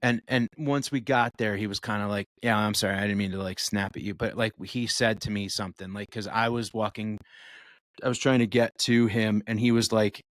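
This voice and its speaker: A man co-hosting a podcast, telling an animated story with lively swearing and acted-out voices. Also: on the low side, a little fast, no echo, studio quality. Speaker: podcast co-host. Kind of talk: casual chat.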